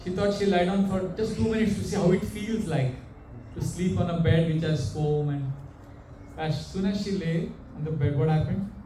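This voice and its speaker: A man gives a sermon, telling stories and putting animated questions to his listeners. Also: high voice, normal speed, noisy background. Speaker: monk preacher. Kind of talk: sermon with storytelling. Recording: echoey room, mic far off.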